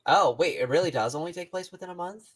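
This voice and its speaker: A man from Long Island, co-hosting a podcast in casual chat, reacting with exclamations and often trailing off quietly. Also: high voice, quick pace. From Long Island, New York. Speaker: podcast co-host. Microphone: remote podcast call.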